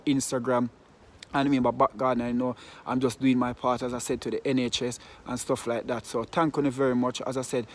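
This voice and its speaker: A man, venting in a heated football vlog full of swearing and repeated rhetorical questions. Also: mid-range voice. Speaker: football fan vlogger. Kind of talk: ranting vlog.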